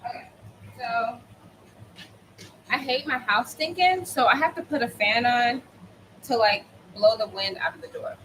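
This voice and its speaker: A woman's voice: high voice, expressive, unhurried, long pauses, bright, forceful tone, slight background noise, low-quality recording. A woman in her thirties telling a casual storytime while cooking at home, chatty and full of "like" fillers. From United States. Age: 30s. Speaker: vlogger.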